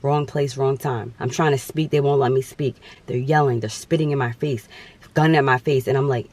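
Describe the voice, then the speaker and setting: A man's voice: mid-range voice, fairly even intonation, moderate pace, darkish tone. A young man telling a dramatic personal story on his vlog, with emphatic repetition. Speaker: vlogger.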